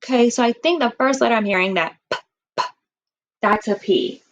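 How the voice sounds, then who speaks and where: A woman's voice: on the high side, fairly quick, muffled recording, a little hiss or hum. A woman teaching a kindergarten writing lesson, stretching out words and sounds for young children.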